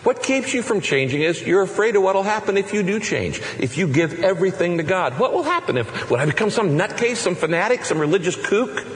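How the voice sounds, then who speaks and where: A man preaching a sermon as a pastor, emphatic and full of rhetorical questions, shifting between fast bursts and slow stressed words. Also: high-pitched, sing-song. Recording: echoey large hall with long reverb.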